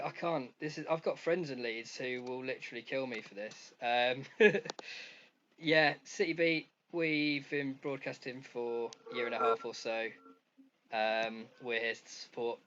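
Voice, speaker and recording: A man with a Nottingham accent hosts a community radio chat and talks in a relaxed way. His voice is of middle pitch, and the recording sounds a little dull, with faint hiss behind it. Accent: Nottingham English. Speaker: radio host. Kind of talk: casual interview chat.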